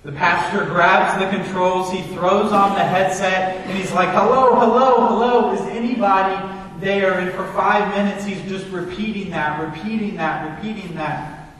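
A man's voice: high voice, steady tone, normal speed, sharp tone, slight background noise. A man preaching a sermon in a church, telling a story earnestly, recorded from far off in an echoey hall. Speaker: pastor.

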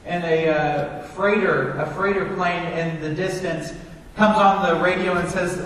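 A man's voice: high voice, fairly even intonation, a little slow, fairly bright tone, a little hiss or hum. A man preaching a sermon in a church, telling a story earnestly, recorded from far off in an echoey hall. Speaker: pastor.

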